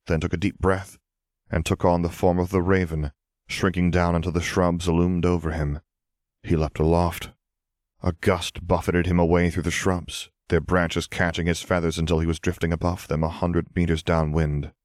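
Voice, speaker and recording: A man giving calm, measured audiobook narration. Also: low voice, no room sound, studio quality.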